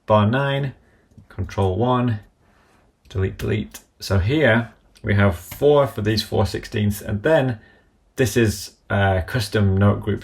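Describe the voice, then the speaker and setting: A man calmly demonstrating music notation software, calling out each keystroke and step as he goes. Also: on the low side, vocal fry. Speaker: software tutorial presenter. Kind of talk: screen-recorded software walkthrough.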